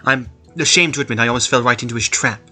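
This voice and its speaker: Man reading as a female troll detective, British accent, formal, measured, bright tone. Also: medium pitch, soft background music. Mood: grave.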